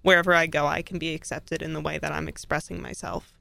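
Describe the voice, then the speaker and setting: Deep-voiced gravelly young woman. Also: level tone, quick pace, fairly bright tone. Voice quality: naturally deep voice. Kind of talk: casual podcast chat.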